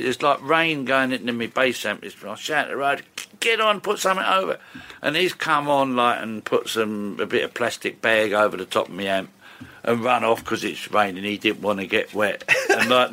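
An older man, a session bass player chatting and rambling through stories as an interview guest. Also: moderate pace, bright, forceful tone. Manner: chatty, rambling, lots of fillers and restarts. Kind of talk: casual storytelling interview.

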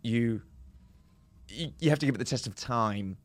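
Young man, podcast co-host, mid-pitched, rambling and thinking aloud, dry close mic. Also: moderate pace, dry recording. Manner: rambling, restarts, mock film-critic musings. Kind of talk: casual chat.

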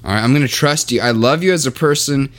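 A man's voice: mid-range voice, quick pace, fairly bright tone. A young man co-hosting a podcast in casual chat, teasing and playfully incredulous. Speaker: podcast co-host.

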